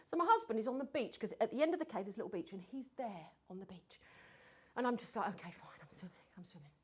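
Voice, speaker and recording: A woman giving a lively talk on storytelling to a group, acting out her stories and sometimes dropping to a whisper for suspense. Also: fairly high pitch, fast talker, husky. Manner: animated, mimics accents, drops to whispers for suspense. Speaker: speaker on storytelling.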